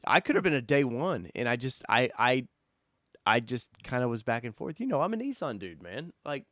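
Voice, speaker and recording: A man hosting a casual live-stream car chat, talking loosely and excitably, jumping from loud bursts to mutters. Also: mid-range voice, moderate pace, no room sound, studio quality. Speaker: host.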